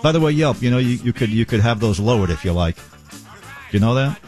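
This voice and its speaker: A man's voice: mid-range voice, animated, fairly quick, a little mellow, soft background music. A man hosting talk radio, blunt and folksy, chatting and reading ads in a casual way. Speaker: radio talk show host. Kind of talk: casual talk radio banter and live ad reads.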